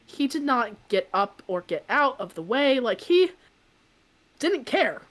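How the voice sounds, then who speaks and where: A young adult woman co-hosting a podcast, telling a story in a chatty, animated way full of "like". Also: high-pitched, takes it slowly. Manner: chatty, peppered with "like", animated retelling. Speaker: podcast co-host. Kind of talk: casual anecdote on a podcast.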